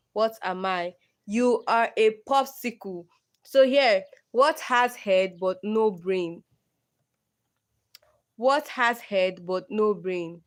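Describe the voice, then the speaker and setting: Slow-talking woman reading riddles. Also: mid-range voice. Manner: slow, reads riddles aloud and answers them herself. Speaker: livestream host. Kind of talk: casual solo livestream reading riddles.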